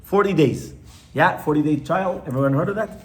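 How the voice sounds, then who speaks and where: Rabbi chatting through a class. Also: male voice, on the high side, quick pace, a crowd in the background. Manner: conversational, keeps asking listeners questions. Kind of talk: informal Torah class with audience questions.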